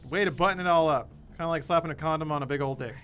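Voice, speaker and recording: A man's voice: a little high, very fast, a bit bright. A man co-hosting a gaming livestream, in casual, joking banter with a dry, sarcastic edge. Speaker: podcast co-host. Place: studio room, gaming livestream.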